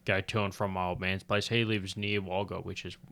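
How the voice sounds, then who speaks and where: A low-pitched Australian man chats casually on a comedy podcast. He drifts from one story to the next, loose and rambling, with swearing throughout. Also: little pitch movement, brisk, a bit bright, slight background noise. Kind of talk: casual chat.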